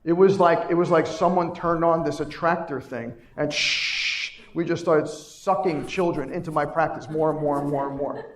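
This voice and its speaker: A man's voice: on the high side, normal speed, few pauses. A middle-aged man, a chiropractor, giving an inspirational keynote speech live at a conference. He talks emphatically, repeating key lines and putting questions to the audience. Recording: echoey hall sound.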